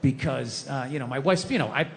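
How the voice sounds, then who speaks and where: This middle-aged man's stand-up set is a string of loud, exasperated, profane rants. His gravelly voice sits at medium pitch and moves quickly, over heavy background noise. Audience laughter rings through a live hall with a long reverb tail.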